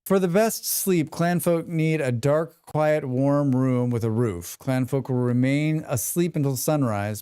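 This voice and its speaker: A man's voice: medium pitch, warm tone, smooth. An American man chatting casually to his live chat while playing a game, rambling through asides and reading tutorial text aloud. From United States. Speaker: streamer. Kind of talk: casual live gameplay commentary.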